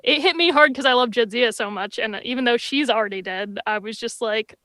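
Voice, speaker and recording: A woman's voice: a little high, fairly quick, hardly any pauses, pushed and bright, dry recording. A woman co-hosting a podcast, chatting casually and expressively in a review, cursing now and then. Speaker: podcast co-host.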